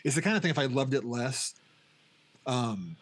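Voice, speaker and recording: A middle-aged man co-hosts a podcast, chatting casually about a film at a normal speed in an animated, mid-range voice. He rambles, restarts often, and acts out scenes as he goes.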